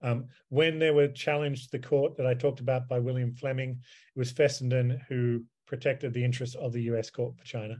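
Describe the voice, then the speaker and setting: A man gives a seminar talk over a video call, answering questions at length. He wanders through his points with ums and repeated words, in a voice of ordinary pitch for a man. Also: a little mellow. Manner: discursive, with many fillers and repeated words. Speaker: seminar speaker, solicitor advocate.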